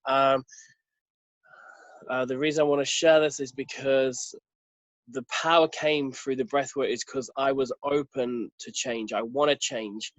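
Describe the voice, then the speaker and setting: A man's voice: medium pitch, fairly even intonation, unhurried, fairly bright tone, no echo, muffled recording. A man as a podcast guest, earnestly telling a personal story in casual talk and acting out quoted dialogue.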